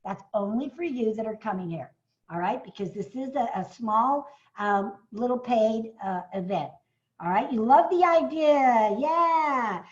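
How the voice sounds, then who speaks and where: A woman hosting a live webinar on a video call, pitching an event with excited bursts and fillers, her voice a little hoarse from coughing. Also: moderate pace, lo-fi sound.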